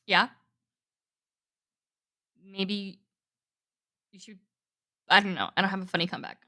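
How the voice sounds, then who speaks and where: A woman co-hosting a casual podcast who sounds sleepy, starting each sentence loud and letting it fade as she goes. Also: mid-range voice, fairly even intonation, unhurried. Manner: sleepy, trailing off at sentence ends. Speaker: podcast co-host. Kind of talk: casual chat.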